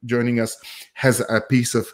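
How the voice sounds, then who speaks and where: Guy explaining psych stuff on a live broadcast, middle pitch, lots of stops and restarts. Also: flat delivery, normal speed. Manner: thoughtful, self-interrupting, laughs at his own jokes. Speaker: psychologist guest. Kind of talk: explanatory conversational talk.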